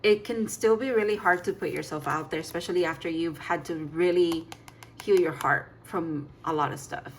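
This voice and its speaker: A woman's voice: fairly low pitch, normal speed, slight background noise. A woman giving a casual tarot reading, chatty and emphatic, laughing and sighing as she talks. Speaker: tarot reader.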